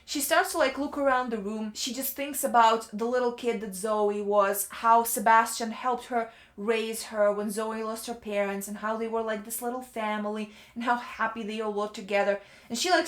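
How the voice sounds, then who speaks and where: A woman with a fairly high voice and a roomy sound rants through a casual book review. She's chatty and exasperated, leaning heavily on "like."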